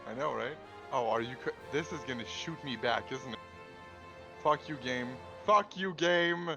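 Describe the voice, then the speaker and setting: A man's voice: medium pitch, moderate pace, gravelly. A male co-player chatting casually and animatedly during a game, swearing freely. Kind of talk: casual gaming chat. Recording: dull lo-fi with game music.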